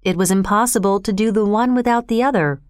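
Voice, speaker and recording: A woman reading the lines of a matter-of-fact male gentleman in a storybook. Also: medium pitch, brisk, smooth, dry recording, clean studio sound, lightly acted. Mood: firm. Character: sober gentleman, male friend.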